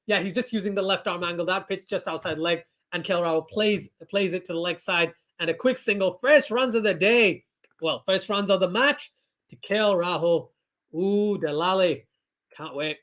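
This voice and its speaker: A young man hosting a live cricket watchalong, giving casual commentary and reading out viewer comments in a chatty way. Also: high voice. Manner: chatty, reads viewer comments aloud, bursts into excited shouts.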